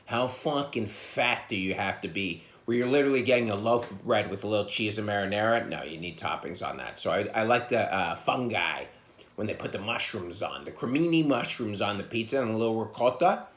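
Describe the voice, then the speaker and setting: A man who is a comedian hosting his own podcast, ranting bluntly and profanely, jumping from loud outbursts to low mutters. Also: lively intonation, fairly quick. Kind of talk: casual monologue rant. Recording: echoey room sound.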